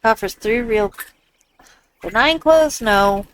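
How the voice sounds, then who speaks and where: Woman, casual gameplay commentary, exclamatory, reads text aloud, slightly high voice. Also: lively intonation, takes it slowly, a little hiss or hum, low-quality recording. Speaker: gamer.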